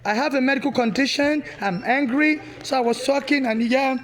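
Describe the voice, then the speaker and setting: Her voice sitting high and fast with fairly even intonation, a Nigerian woman protester keeps up an agitated, repetitive, insistent angry rant. She is indoors in a public building, and someone films her on a handheld phone.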